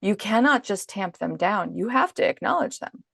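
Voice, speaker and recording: A woman parenting coach in a podcast interview, explaining calmly and acting out her own inner self-talk as examples. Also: mid-range voice, moderate pace, gravelly, breathy edge, no echo, clean studio sound.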